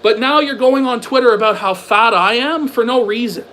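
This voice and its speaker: This man's voice is extremely high-pitched and fairly bright, moving at a moderate pace over poor audio. Ranting as a livestream commentator, he's sarcastic, profane and combative, throwing out rhetorical question after rhetorical question.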